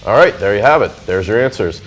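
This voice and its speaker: A man's voice: lowish voice, expressive, fast, over music. A man co-hosting a scripted comedy sketch, speaking in a mock-solemn, announcer-like way. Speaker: sketch co-host.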